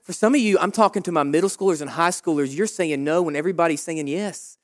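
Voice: medium pitch, fast. Emphatic pastor preaching to youth. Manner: emphatic, animated preaching, direct address. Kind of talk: sermon. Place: church.

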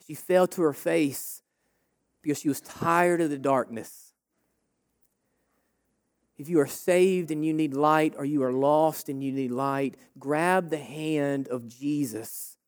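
A man's voice: on the high side, steady tone, takes it slowly. A forty-year-old male pastor delivers a fervent sermon. He drives his points home with short, repeated emphatic phrases. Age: 40s.

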